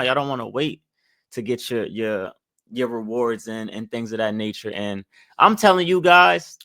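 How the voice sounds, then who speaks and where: A man's voice: medium pitch, fairly bright tone, no echo, studio quality. A young man giving blunt, preachy money advice straight to camera, hammering his points with repeated phrases. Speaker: finance commentator. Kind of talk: opinionated direct-to-camera commentary.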